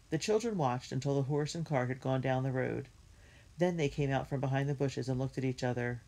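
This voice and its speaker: A woman reading a children's book aloud in a clear, measured storytelling manner. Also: extremely low pitch, mellow. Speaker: reader.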